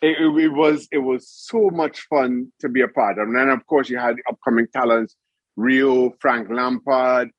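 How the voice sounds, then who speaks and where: A man's voice: mid-range voice, normal speed, no room sound, muffled recording. A middle-aged man, a former goalkeeper, chatting as a guest and telling stories with laughter. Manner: animated storyteller, laughs often. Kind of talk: casual interview chat.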